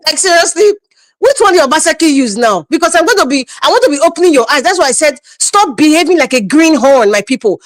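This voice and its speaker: A woman's voice: sits high, expressive, fast talker, no room sound. A woman with a Nigerian accent giving outspoken political commentary on a live stream, blunt and laughing often. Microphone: video call.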